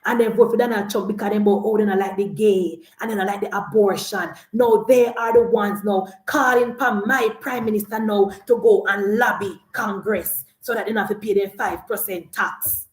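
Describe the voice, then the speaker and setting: A Jamaican woman giving a lively, scolding political rant, mocking the people she addresses. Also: mid-range voice, normal speed, hardly any pauses, roomy sound. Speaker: political commentator.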